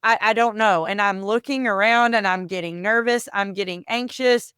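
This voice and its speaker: A woman's voice: mid-range voice, steady tone, moderate pace, a bit bright, clear, resonant tone, no room sound, clean studio sound. A woman hosting a podcast, telling a personal story in an earnest way, often repeating words and calling listeners "y'all". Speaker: podcast host.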